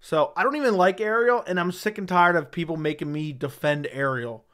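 A man's voice: high-pitched, fairly quick, a bit bright. A man hosting a casual livestream, reading viewer chat aloud and giving blunt, sarcastic, slangy replies into a studio microphone.

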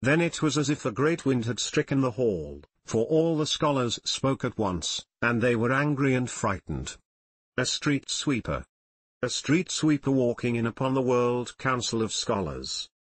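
A man narrating an audiobook in a steady, solemn way. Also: mid-range voice, a little slow, slightly rough, dry recording.

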